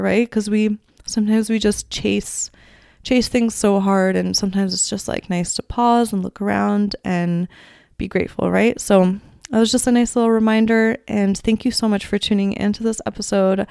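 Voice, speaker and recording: A woman's voice: mid-range voice, fairly even intonation, normal speed, gravelly, no room sound. A woman hosting her own podcast, talking casually and effusively with lots of fillers. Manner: chatty, effusive, many fillers like "um" and "like". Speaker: podcast host. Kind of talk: casual solo podcast talk. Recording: dry close recording, soft music behind.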